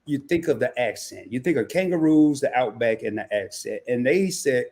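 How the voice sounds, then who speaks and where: A man's voice: a little high, expressive, normal speed, a little mellow. A man hosting a casual livestream interview, teasing his guest and laughing often. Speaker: livestream host.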